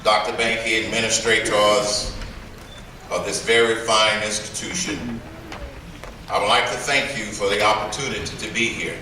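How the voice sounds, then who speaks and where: A man giving a commencement address in a large hall, deliberate and emphatic with dramatic pauses and playful phrases. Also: fairly low pitch, level tone, bright, forceful tone, slight background noise. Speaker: commencement speaker. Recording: echoey hall from far off.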